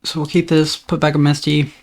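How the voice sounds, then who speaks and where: Talking through every move of his own card game, a man stays relaxed and upbeat as he reasons aloud. He speaks fairly quickly in a voice on the high side.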